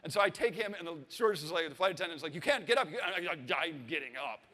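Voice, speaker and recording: A man's voice: on the high side, quick pace, pushed and bright, in a large hall. A man in his thirties telling a comic story on stage, swearing and acting out the voices of the people in it. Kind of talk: comic personal anecdote to a live audience.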